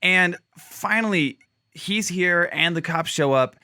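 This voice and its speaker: A man's voice: sits high, slow, smooth, no echo. A man on a podcast telling a story in a casual, profane way, acting out the people in it. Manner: animated, profane, acts out other people's voices. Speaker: podcast co-host.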